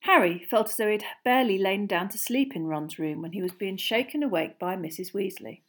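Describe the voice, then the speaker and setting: A woman narrating an audiobook chapter in an even, measured storytelling voice. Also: medium pitch.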